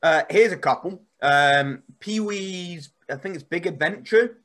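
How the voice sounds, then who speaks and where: A man, a podcast guest, telling stories in a rambling, animated way. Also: high voice, a little slow. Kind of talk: casual podcast chat.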